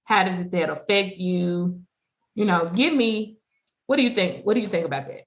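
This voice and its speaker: A woman's voice: lowish voice, animated, moderate pace, muffled recording. A woman in her thirties hosting a podcast and interviewing her mother with casual, probing follow-up questions. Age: 30s. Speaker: podcast host.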